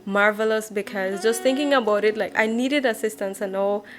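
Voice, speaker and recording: A woman in her twenties from Belize, a church member, gives a personal faith testimony hesitantly, with many fillers and restarts. Her voice is medium-pitched at normal speed, captured on a distant mic in a rough recording.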